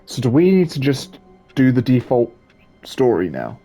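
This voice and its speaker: Quiet, gravelly gaming man. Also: mid-range voice, huge pitch swings, moderate pace, faint music behind. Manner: quiet, mumbled asides. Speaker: game player. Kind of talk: casual let's-play commentary.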